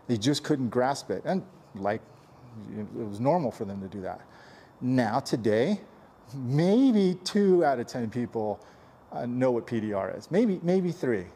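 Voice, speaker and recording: A man's voice: medium pitch, expressive, a little slow, dark tone, a little hiss or hum. Joking man talking while fixing a dent. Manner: joking, chatty, grumbles under his breath. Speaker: paintless dent repair technician. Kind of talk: casual running commentary while working.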